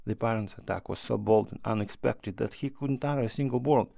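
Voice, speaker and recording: A man narrating an audiobook in a measured storytelling voice. His tone is gravelly with some fry. The read is dry and close to the mic. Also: on the low side, dark tone, no room sound.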